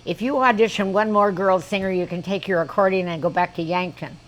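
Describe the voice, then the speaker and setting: A man's voice: sits high, fairly even intonation, fairly quick, fairly bright tone, a little hiss or hum. Woman doing a genial old bandleader's voice. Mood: folksy. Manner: slurred consonants, folksy announcer cadence. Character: older male bandleader, genial, mispronouncing B as P.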